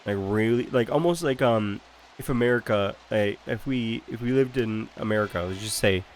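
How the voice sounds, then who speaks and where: A man's voice: lowish voice, moderate pace, slight background noise. A man from Ontario with a Canadian accent, chatting casually over gameplay as a gaming creator, rambling with lots of "like" and "um" and many restarts. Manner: rambling, heavy use of "like" and "um", frequent restarts.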